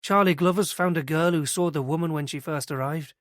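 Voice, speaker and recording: A man voicing a police detective who speaks in a low, matter-of-fact way. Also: a little fast, fairly bright tone, dry recording, clean studio sound, close to an everyday voice. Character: male police detective, blunt colleague.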